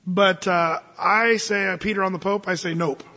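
A man preaching a sermon as pastor, animated and conversational, reading scripture slowly and deliberately. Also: high-pitched, in a large hall, dull audio.

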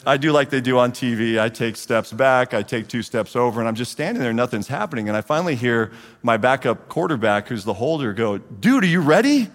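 A man in his forties, a guest speaker at a church men's group, gives a storytelling testimony and acts out the dialogue with lively energy. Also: medium pitch, brisk. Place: church hall. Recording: long reverb of a large hall.

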